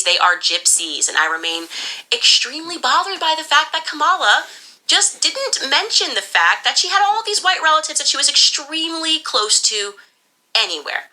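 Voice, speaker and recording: A woman's voice: a little high, bright, forceful tone, poor audio. A woman delivering an emphatic, insistent monologue as a podcast commentator. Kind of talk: opinionated monologue.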